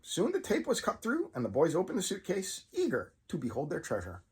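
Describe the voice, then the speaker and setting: A man's voice: sits high, wildly swooping pitch, fairly quick, slightly rough, exaggerated voice. A man voicing a nervous male monster puppet who reads a horror story aloud and breaks off to comment on how scared he is. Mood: storytelling. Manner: jumpy, self-conscious asides about being scared. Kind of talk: reading a story aloud with asides.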